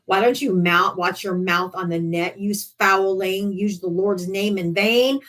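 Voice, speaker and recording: With a steady, fairly bright mid-range voice and a measured pace, a woman runs a live political debate stream. She rants in a casual, profane, sarcastic and heated manner.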